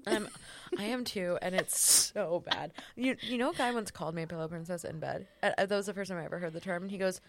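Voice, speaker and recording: A woman's voice: fast, no echo. A woman comedian, a podcast guest, telling a bawdy personal story in casual chat and laughing often. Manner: bawdy, laughs often, quotes people in a flat low voice.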